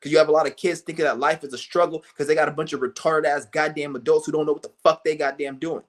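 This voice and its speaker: A man streaming a furious, cursing rant who mocks the people he criticizes in shrill put-on voices. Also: level tone, fast. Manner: angry, cursing, mocking; breaks into high mocking impressions of others. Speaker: livestream host. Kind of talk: profane rant to camera.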